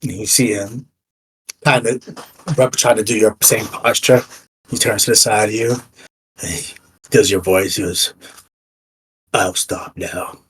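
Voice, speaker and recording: A man's voice: fairly low pitch, fairly even intonation, moderate pace, long pauses, fairly bright tone, slightly rough. A man narrating as game master in a tabletop game, playful and often laughing.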